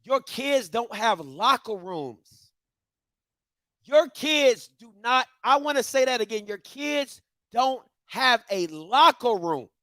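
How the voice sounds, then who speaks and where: Male commentary host, very high voice, dry close sound, emphatic preacher-style rant. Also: very animated, slow, bright, forceful tone, dry recording. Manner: emphatic, repeating rhetorical questions to viewers; preacher-like call-and-response cadence.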